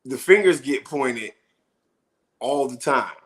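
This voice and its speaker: A man co-hosting a casual podcast chat, arguing in an animated way and asking rhetorical questions. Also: mid-range voice, slow pace. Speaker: podcast co-host. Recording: roomy echo.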